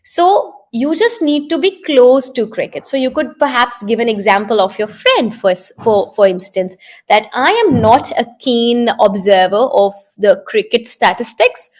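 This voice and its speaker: A woman from India with a slightly high voice, answering interview questions as an English exam coach. She explains step by step and briskly, often adding tag questions like "right?" to check in. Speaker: IELTS instructor and communication coach.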